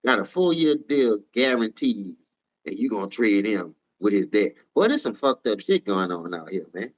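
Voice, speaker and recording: A tired man with a New Orleans accent ranting profanely on a casual sports livestream, switching between low mumbles and loud outbursts. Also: very animated, normal speed. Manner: profane, heated, jumps between mumbling and shouting.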